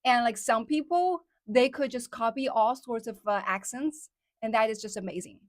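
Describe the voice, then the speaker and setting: A woman's voice: on the high side, moderate pace, no echo, studio quality. A young woman from China with a Chinese accent, chatting casually on her live stream with many fillers. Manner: chatty, many fillers, reads out viewer comments.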